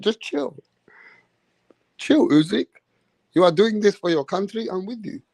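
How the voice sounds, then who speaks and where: A man voicing an overly friendly male boxing referee who coaxes and pampers a tired fighter in a soft voice. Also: sits high, animated, a little slow, vocal fry, dry recording, pitched above the performer's own voice, heavily acted. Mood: soothing. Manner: coaxing, soft-spoken, pampering.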